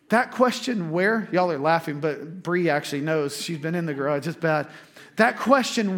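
A man, preaching a sermon as pastor, telling lively stories to the congregation and acting out quotes. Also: sits high, moderate pace.

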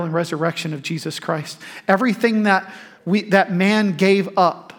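A man preaching a sermon as pastor, emphatic and animated, breaking into laughing asides. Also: sits high.

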